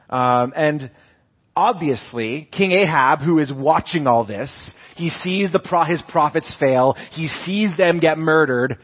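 A young male pastor preaches in a relaxed, storytelling way. He restarts phrases often and leans hard on key words. His voice sits a little high, and the recording sounds dull and lo-fi. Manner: conversational storytelling, many restarts, stress on words. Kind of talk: sermon.

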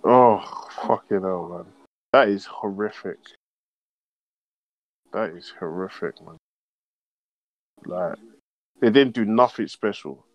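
A man's voice: lowish voice, slow pace, long pauses, dry recording, highs cut off. Young male, casual football-fan host, frustrated and sweary. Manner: frustrated, slangy, swears often. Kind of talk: casual chat, reacting to a football match.

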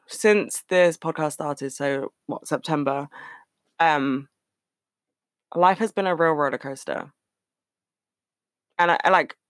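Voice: mid-range voice, dry recording. Candid young podcaster, dry close sound. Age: young adult. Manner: animated and candid, heavy on filler words and casual swearing. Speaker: podcast host. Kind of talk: casual solo podcast chat.

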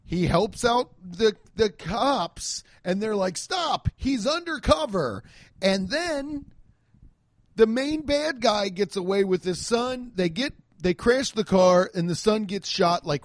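A man's voice: high-pitched, no room sound. A man ranting about a movie in a casual, comedic way, sarcastic and profane, sounding exasperated.

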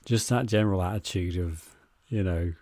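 A man's voice: deep voice, moderate pace, darkish tone, no echo. A British man co-hosting a podcast, chatting casually about a film with dry, teasing humour. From Britain. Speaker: podcast co-host.

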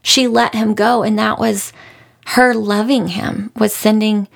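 A woman's voice: mid-range voice, little pitch movement, a little slow, creaky. A woman hosting a podcast, talking through a book she loved in an earnest, emotional, heartfelt way. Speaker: podcast host. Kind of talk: casual book review monologue.

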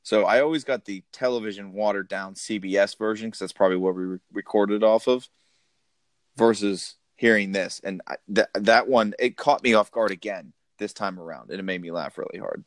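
A man's voice: lowish voice, a little fast, no echo. A man co-hosting a casual movie podcast who laughs often and acts out quotes. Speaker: podcast co-host. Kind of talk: casual chat about a movie.

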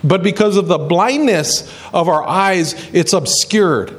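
Animated male preacher, slightly high voice. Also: measured pace. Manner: animated, acts out quoted voices; repeats and restarts phrases. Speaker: pastor. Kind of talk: sermon.

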